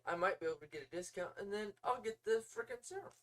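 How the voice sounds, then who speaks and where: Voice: medium pitch, expressive, quick pace, a bit bright, recorded from a distance, poor audio. A podcast co-host chatting loosely and easily, with filler words and restarts. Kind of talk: casual podcast chat.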